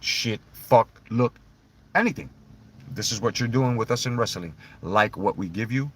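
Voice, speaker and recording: A young adult man ranting about wrestling in loud, profane, mocking commentary. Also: mid-range voice, breathy edge.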